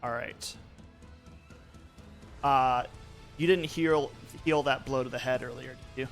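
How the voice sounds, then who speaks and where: A man's voice: medium pitch, steady tone, takes it slowly, faint music behind. A young man narrating as game master, loose and full of fillers.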